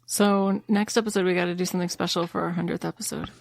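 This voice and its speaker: A woman's voice: fairly low pitch, fairly even intonation, fast, creaky, music in the background. A woman hosting a podcast in casual chat, chatty and self-deprecating. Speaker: podcast host.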